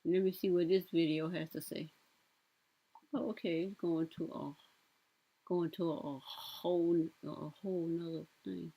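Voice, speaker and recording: A woman's voice: lowish voice, fairly even intonation, a little slow, gravelly, warm tone, breathy edge. A young woman giving casual reaction commentary, blunt and sassy, talking back at the clips she plays. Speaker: commentary vlogger.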